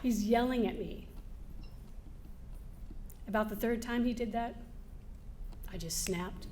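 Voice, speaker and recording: A woman giving a keynote speech to a live audience, telling lively personal stories, laughing now and then and acting out the scenes. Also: fairly high pitch, slow, a little hiss or hum. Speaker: motivational speaker. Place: event hall before a live audience.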